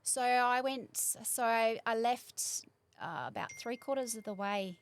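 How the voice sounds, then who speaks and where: A woman in her forties with a New Zealand accent speaks at a measured pace in a somewhat high voice. She's a guest in a casual chat, rambling and using many fillers.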